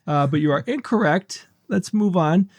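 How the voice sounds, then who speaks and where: A man hosting a podcast segment in a relaxed casual chat, reading listener emails and laughing often. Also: high voice, moderate pace, dry recording.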